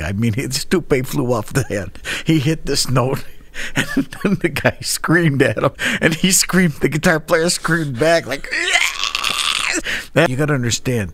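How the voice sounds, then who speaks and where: Guy in his 60s, mid-pitched voice all over the place, laughs while telling stories. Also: a bit bright, slightly rough. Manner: laughing, acts out quoted lines. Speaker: guest. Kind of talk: casual conversation, storytelling.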